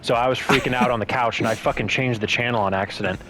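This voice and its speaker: A man's voice: mid-range voice, fairly even intonation, fast, background noise. A man from Ohio co-hosting a casual sports podcast, ranting with heavy profanity and exasperation. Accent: Cleveland, Ohio. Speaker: podcast co-host.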